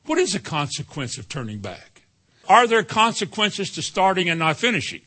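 A man preaching a sermon in a folksy, animated way, breaking into sudden high exclamations. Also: normal speed. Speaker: pastor.

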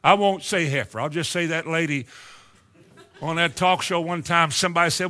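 A man preaching a fiery sermon, swinging from low musing to loud exclamations. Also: moderate pace.

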